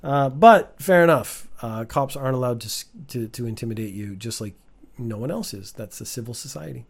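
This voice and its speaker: A man's voice: mid-range voice, a little fast, vocal fry. A man giving casual, wry commentary on news stories from home, chatty with frequent restarts.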